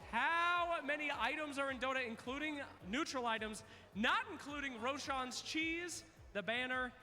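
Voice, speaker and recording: A man's voice: very high voice, normal speed, bright, forceful tone, a little hiss or hum. A man hosting a live trivia contest on stage, playful and teasing as he counts down answers. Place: large event hall. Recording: long arena reverb.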